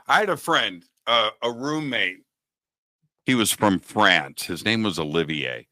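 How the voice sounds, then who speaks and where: A man in his sixties hosting a talk show, telling a story in a lively conversational way and acting out the people he quotes. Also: fairly low pitch, measured pace, dry recording. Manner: animated, acts out quoted dialogue. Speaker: radio show host.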